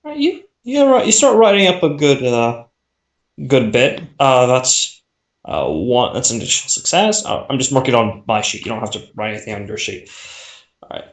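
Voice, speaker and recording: Halting man on an echoey voice call. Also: medium pitch, sing-song. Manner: halting, many fillers and restarts. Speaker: game master. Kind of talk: casual out-of-game chat. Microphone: voice chat over the internet. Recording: echoey voice-chat audio.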